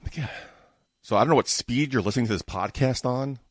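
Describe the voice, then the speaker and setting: A man in his forties with a New York accent, hosting a casual solo podcast, talking fast and prone to mumbling and exasperated rants. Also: mid-range voice, dry recording, clean studio sound. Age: 40s. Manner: fast-talking, tends to mumble and trip over words; exasperated ranting. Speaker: podcast host. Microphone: home podcast microphone setup.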